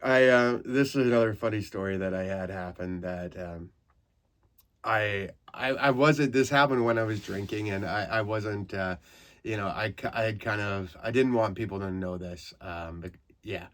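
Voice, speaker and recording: A low-pitched man from Canada tells rambling comic stories on his podcast, swearing freely. He drifts through loose asides, then gets loud and animated when he acts out the moments. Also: normal speed. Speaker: comedian, podcast host. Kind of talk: casual comic storytelling.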